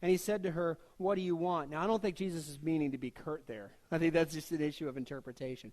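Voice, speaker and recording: A man preaching a sermon in a conversational, joking way, reading scripture and slipping into quick voiced asides. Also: on the high side, darkish tone. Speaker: pastor.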